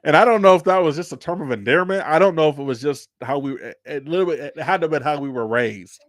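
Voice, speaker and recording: A man's voice: on the high side, fast talker, no room sound. Dry, close-miked male host. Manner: rambling, laughs often, loose restarts. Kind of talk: unscripted livestream chat.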